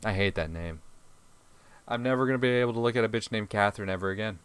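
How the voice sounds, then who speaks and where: A man's voice: on the low side, fast, fairly bright tone, clean tone, no echo. A man hosting a gaming video, reading visual-novel lines aloud and breaking into exasperated, profane comic rants.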